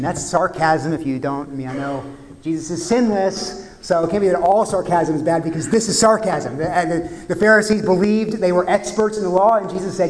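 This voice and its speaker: Male pastor, sermon, slightly high voice, chatty and questioning, long hall reverb. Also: a little fast, a little hiss or hum. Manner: conversational, asks the congregation questions, many fillers.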